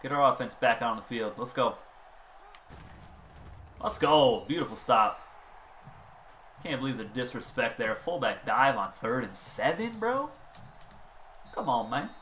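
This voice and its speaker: A man giving casual commentary over his own football video game, excitable and quick to shout at bad plays. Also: medium pitch, slight background noise. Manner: excitable, swings from calm play-calling to loud outbursts. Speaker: gaming channel host. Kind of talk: gameplay commentary.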